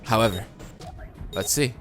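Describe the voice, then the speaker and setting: A man doing a let's play of a visual novel, reading the text aloud and reacting excitedly. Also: on the low side, unhurried. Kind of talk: gameplay commentary and text reading. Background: game music.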